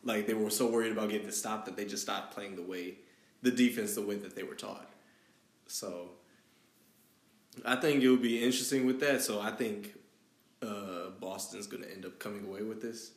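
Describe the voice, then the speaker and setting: A man's voice: fairly low pitch, steady tone, moderate pace. A man hosting a casual sports podcast, chatty and moving the talk along. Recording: echoey room.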